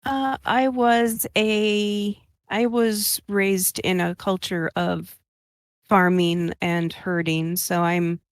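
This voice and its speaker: A woman player describing her character's actions in a tabletop game, halting with fillers. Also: medium pitch, flat delivery, dry recording, studio quality.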